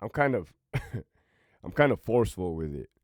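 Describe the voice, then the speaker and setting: A man's voice: on the low side, very animated, normal speed, no echo, clean studio sound. A former prison officer telling a casual, profane story from his own life, laughing often as he talks.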